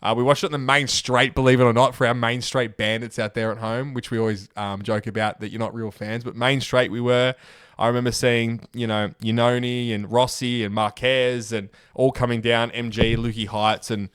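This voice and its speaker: Un jeune Australien qui co-anime un podcast. Il raconte ses souvenirs avec entrain et jure sans gêne. Sa voix est nette et posée, enregistrée au plus près, dans un son sec et sans écho. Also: male voice, medium pitch, smooth, dry recording, clean studio sound. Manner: animated storyteller, quick, swears casually. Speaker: podcast co-host. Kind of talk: casual chat.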